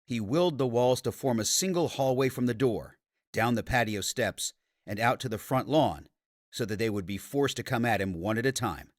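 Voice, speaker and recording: This is scripted narration of a fantasy audiobook by a man whose voice sits in the mid range. He keeps a normal speed and a steady, even storytelling manner, recorded dry in studio quality.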